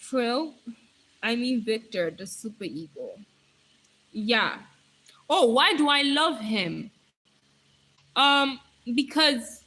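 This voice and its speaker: Young woman from Nigeria, hyper live-stream chatter, bright and lively. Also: on the high side, takes it slowly, pauses often, poor audio. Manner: chatty, hyper, reads viewer comments aloud. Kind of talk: casual live-stream chat.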